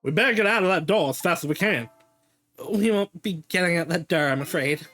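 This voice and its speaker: A streamer reading a calm young woman detective. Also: mid-range voice, fairly quick, soft background music.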